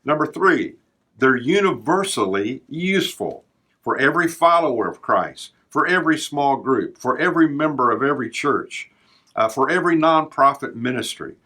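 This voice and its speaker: A man's voice: mid-range voice, lively intonation, normal speed, sharp tone, slightly rough. An older man hosting a devotional podcast, talking in an earnest, preacherly way as he works through a numbered list. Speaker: podcast host.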